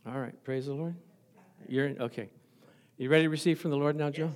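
A man's voice: fairly high pitch, steady tone, brisk. A middle-aged male pastor preaching a sermon, stressing points by repeating phrases and chuckling at his own stories.

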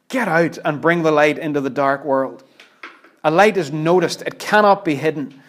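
A man's voice: a little high, moderate pace, pauses often. Earnest, emphatic man preaching. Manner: earnest, emphatic, with dramatic drops to near-whisper. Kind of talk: sermon.

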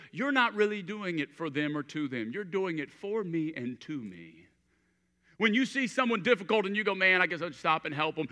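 Male pastor, thirties, high and sharply bright, church hall reverb, storytelling sermon with hushed-to-emphatic swings. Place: church auditorium. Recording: long reverb of a large hall.

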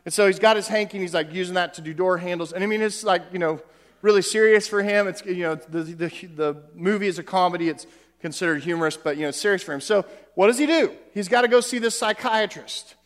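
High-voiced man preaching in a reverberant church. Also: fast talker. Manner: conversational preaching, frequent repeated words and asides. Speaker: pastor. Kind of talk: sermon. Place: church sanctuary. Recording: long hall reverb.

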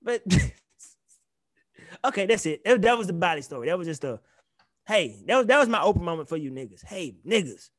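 A young man co-hosting a podcast, ranting in animated, profane casual chat. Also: sits high, moderate pace, long pauses, no echo. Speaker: podcast co-host.

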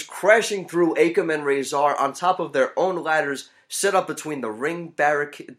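Guy hosting a wrestling podcast, mid-pitch voice, goes play-by-play, gets loud when hyped. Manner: play-by-play recap, bursts into shouting. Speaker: podcast host. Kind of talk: excited wrestling podcast chat.

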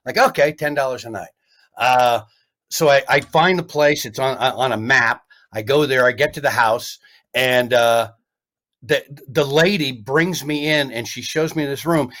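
A comedian guest telling a story in casual chat, rambling and animated with lots of restarts. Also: male voice, medium pitch, measured pace.

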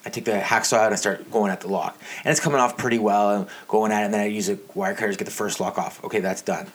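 A man telling a comedic story on a podcast, animated and exasperated, swearing often. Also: lowish voice, racing. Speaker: podcast co-host.

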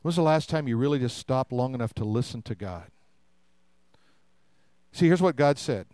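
A man's voice: medium pitch, expressive, moderate pace, darkish tone, no echo. An older man preaching a sermon in a conversational way, with humorous asides and rhetorical questions to the congregation. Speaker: pastor.

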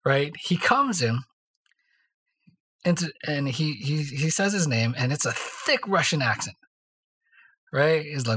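A podcast co-host telling stories in a casual faith chat, mid-pitched and easygoing. The telling rambles and restarts, and keeps checking in with a quick "right?". It is a loose, conversational delivery. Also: expressive, fairly bright tone, husky. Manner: rambling storyteller, tags lines with "right?".

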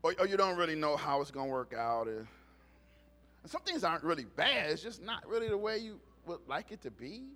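A pastor talks his sermon through like a chat with his congregation, teasing them and getting loud when a story turns funny. His voice sits high and bright and swings around a lot. He is a man with an easy, folksy way of talking. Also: expressive, a little fast. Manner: jokes and raises his voice when telling funny stories. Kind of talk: conversational sermon. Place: church service.

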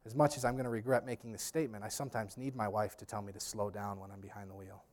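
A man's voice: on the low side, flat delivery, fast talker, few pauses. A man preaching a sermon as pastor. He speaks emphatically, addresses the congregation directly and drops in humorous storytelling asides.

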